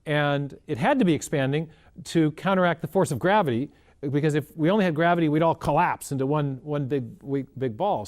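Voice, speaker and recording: A man's voice: a little high, a little mellow. A man answering in an interview, explaining and telling a story earnestly, often repeating words as he thinks. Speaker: guest explaining science.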